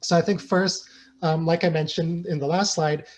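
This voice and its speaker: A man's voice: on the high side, fairly even intonation, moderate pace, slight background noise. A man giving an academic lecture, casual and searching, with many fillers and tag questions. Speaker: guest lecturer. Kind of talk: academic talk.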